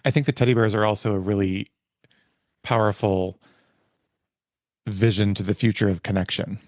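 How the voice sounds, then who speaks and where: A man's voice: fairly low pitch, fairly even intonation, moderate pace, dry recording, clean studio sound. A man hosting an interview podcast, attentive and affirming, with playful asides. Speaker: podcast host.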